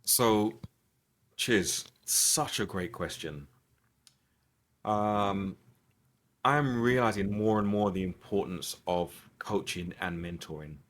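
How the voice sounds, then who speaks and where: Earnest low-voiced man, reflective. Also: slow, pauses often, fairly bright tone. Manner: earnest, reflective, with frequent restarts and repetitions. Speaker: podcast guest. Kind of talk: conversational interview.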